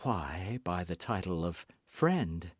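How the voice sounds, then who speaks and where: A man voicing a scheming noblewoman who speaks in a smooth, guarded, falsely warm way. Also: mid-range voice, sing-song, unhurried, no room sound, studio quality. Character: scheming noblewoman, cold, cunning, falsely sweet.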